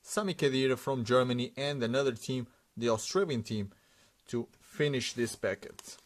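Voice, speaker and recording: A man's voice: mid-range voice, normal speed. Casual man narrating a sticker unboxing. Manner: rambling, reads out names one after another with frequent uh fillers.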